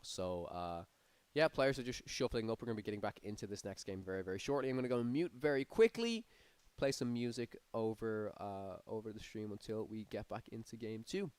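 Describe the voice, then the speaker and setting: A man's voice: lowish voice, expressive, brisk, darkish tone, clear, resonant tone, no echo. A man giving live play-by-play commentary on a card game tournament, his energy rising on big plays. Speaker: tournament caster.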